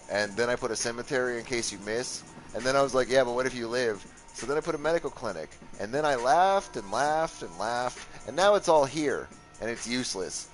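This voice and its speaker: A young man streaming a game, tired and rambling, with sarcastic asides and lots of swearing. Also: fairly low pitch. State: worn out from a long session. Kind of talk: casual gaming commentary.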